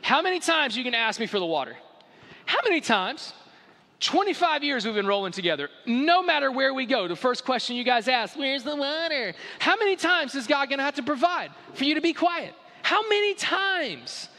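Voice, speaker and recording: A man's voice: very high voice, lively intonation, brisk, hardly any pauses, sharp tone, pitched above the performer's own voice, heavily acted. A preacher voicing an exasperated, condescending male leader who scolds his people with sarcastic questions. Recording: echoey hall.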